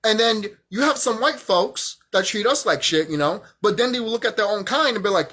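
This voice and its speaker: A man's voice: sits high, animated, fairly quick, few pauses, bright, forceful tone. A young man vlogging a heated, profane rant, often repeating himself. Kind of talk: angry rant monologue.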